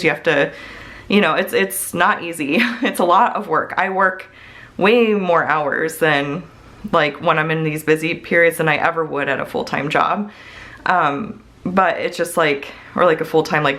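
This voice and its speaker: A woman in her thirties talks to her audience in a gushing, chatty way, filling her sentences with little fillers and laughs. Her voice sits a little low and sounds a bit strained and hoarse. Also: a bit bright. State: strained throat after a coughing fit. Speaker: small business owner and host. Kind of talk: casual chat.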